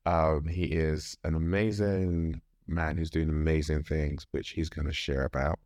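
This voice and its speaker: A man's voice: extremely low pitch, level tone, unhurried, a little mellow, dry recording, studio quality. A man hosting a podcast interview, asking upbeat, teasing questions. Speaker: podcast host. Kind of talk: conversational interview. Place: podcast booth.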